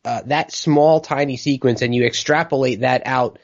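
A man's voice: mid-range voice, steady tone, moderate pace. Man chatting about films, lo-fi sound. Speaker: podcast co-host. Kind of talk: casual film discussion.

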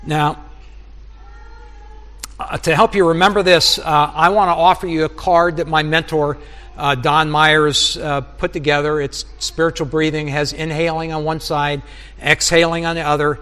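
A man's voice: on the high side, level tone, normal speed, sharp tone, big-room sound. A middle-aged male preacher giving an earnest sermon, often acting out his own prayers and conversations with God. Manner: earnest, acts out dialogues with God.

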